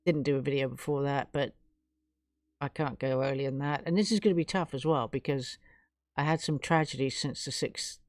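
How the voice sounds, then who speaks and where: A woman's voice: extremely low pitch, fairly even intonation, normal speed, dry recording, studio quality. A woman from England hosting her own live stream, chatting casually and gushing her thanks to viewers.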